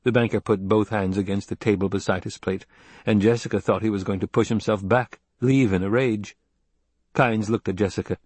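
A man narrating a novel in a measured, even storytelling voice. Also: fairly low pitch, husky, dry recording. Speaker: audiobook narrator. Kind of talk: scripted narration.

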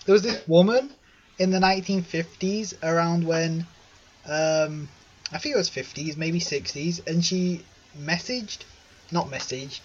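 A man's voice: fairly high pitch, unhurried, highs cut off, a little hiss or hum. Laughing, rambling male podcast co-host. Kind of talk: casual chat.

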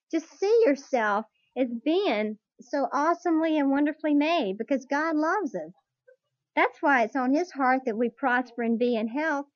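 A woman teaching a Bible class to a live group, earnest and slow on key points, putting questions to her listeners, on a dull lo-fi tape recording. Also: sits high, no echo. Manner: earnest, drawn-out emphasis, asks the audience questions.

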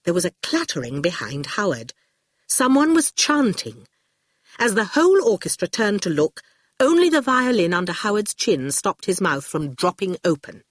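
Expressive audiobook narrator, dry sound. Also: medium pitch, normal speed, no echo. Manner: expressive reading, drops for speech tags. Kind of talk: scripted narration.

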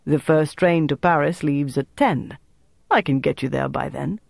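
Male reader as blunt gruff resistance boss, middle-aged, grudging. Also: on the high side, moderate pace, dry recording, studio quality. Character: gruff forty-year-old male French resistance leader.

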